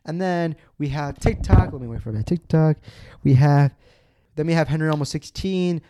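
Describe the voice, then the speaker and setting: A man hosting a casual football podcast, ranting excitedly, cursing often and restarting his sentences. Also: fairly high pitch.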